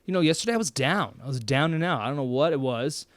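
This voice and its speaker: A man hosting a mental health show, talking casually to his viewers in an energetic, emphatic way and laughing often. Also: on the high side, fast talker, no room sound. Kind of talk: casual monologue to camera.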